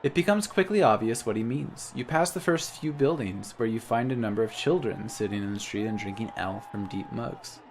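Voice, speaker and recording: A man's voice: fairly low pitch, brisk, hardly any pauses, slight background noise. A man playing a text game, reading its story aloud and adding casual comments in between. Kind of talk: let's-play narration and commentary.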